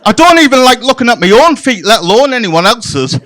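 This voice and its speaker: A man doing a bawdy stand-up comedy set in a club, with playful deadpan asides to the crowd. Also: extremely high pitch, a little fast.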